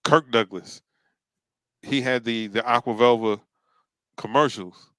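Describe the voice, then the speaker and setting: Smooth-voiced man, relaxed halting storyteller. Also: mid-range voice, dry recording. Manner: relaxed, halting, many fillers. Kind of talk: casual storytelling chat.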